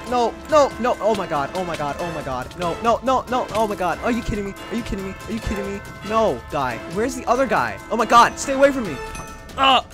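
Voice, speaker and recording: A gaming creator giving excitable live gameplay commentary to themselves, full of exclamations and quick laughs. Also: mid-range voice. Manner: excitable, talks to self, frequent laughs and exclamations. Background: background music.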